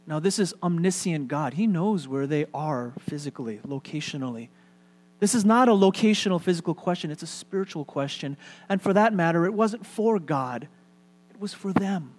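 Conversational male pastor, slightly high voice. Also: expressive, moderate pace. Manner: conversational, with fillers and light humor. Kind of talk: sermon.

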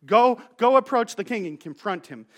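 Man with a very high voice, pastor, casual joking sermon, storytelling asides. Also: animated, moderate pace.

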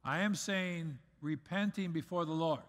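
Middle-aged pastor preaching in a reverberant hall. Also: male voice, on the high side, measured pace. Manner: earnest preaching, swinging between loud emphasis and soft asides. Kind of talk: sermon. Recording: long reverb of a large hall.

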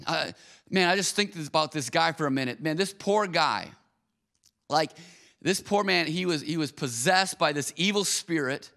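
A man delivers a casual sermon in a conversational tone, his voice sitting a little high. He often restarts and repeats his words. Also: moderate pace, vocal fry, bright, forceful tone. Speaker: pastor.

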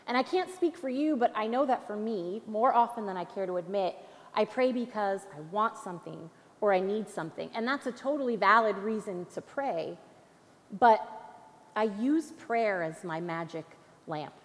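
A woman's voice: mid-range voice, animated, moderate pace. A young adult woman giving a sermon as a guest speaker, playful and conversational, with light asides to the congregation. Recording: long reverb of a large hall.

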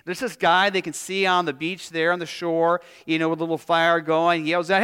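A male pastor delivers an earnest, personal sermon, pausing and restarting as he works through his thoughts. His voice is bright and crisp, sitting a little high for a man. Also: level tone.

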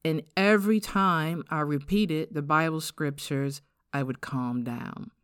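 A middle-aged woman with an African-American English accent hosting a podcast, giving an earnest, reflective personal testimony and slowing down to stress key words. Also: deep voice, clean tone, dry recording, studio quality. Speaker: podcast host.

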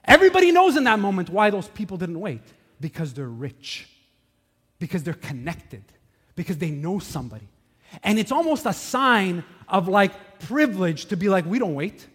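A man pastor delivers a sermon in a high voice. He moves from lively, shouted anecdotes to hushed, earnest points. The sound rings with the long reverb of a large hall. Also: normal speed, slightly rough. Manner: animated storytelling, swings from shouting to hushed.

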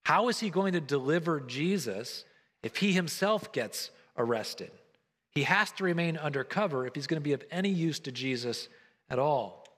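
A man's voice: a little high, expressive, normal speed, fairly bright tone, in a large hall. A man preaching a sermon, retelling a story earnestly and briefly acting out the lines of the people in it.

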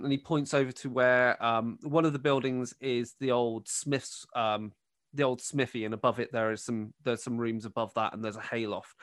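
A man's voice: mid-range voice, steady tone, normal speed, a bit bright, no echo, studio quality. A man running a tabletop game, narrating scenes descriptively with many fillers. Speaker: game master.

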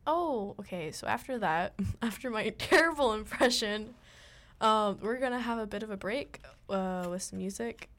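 A woman's voice: mid-range voice, a bit bright. A teenage girl from Minnesota co-hosting a casual radio chat show, rambling with lots of fillers and giggles. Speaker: co-host. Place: radio studio.

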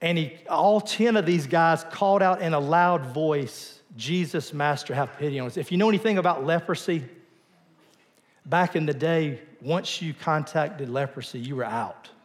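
A male pastor giving a conversational sermon in a church, asking the congregation questions and dropping to a quiet voice for emphasis. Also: on the high side, moderate pace, long reverb tail.

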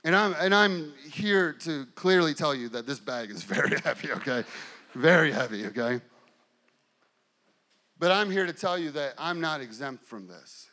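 A middle-aged male pastor delivering a sermon, building intensity through repeated phrases and slowing down for emphasis. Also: a little high, lively intonation, pushed and bright. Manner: preaching with rising and falling intensity, repetitive emphasis.

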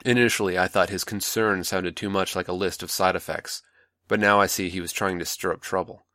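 A man playing a manipulative older male mentor, calm, patronizing and coaxing, in a dry close recording. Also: deep voice, a little fast, dry recording.

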